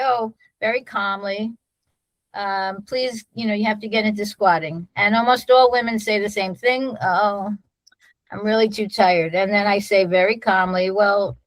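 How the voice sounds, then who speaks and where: A woman's voice: medium pitch, a bit bright, dry recording, low-quality recording. A middle-aged woman, a nurse-midwife, explaining a birth protocol in a conversational way, full of restarts and fillers.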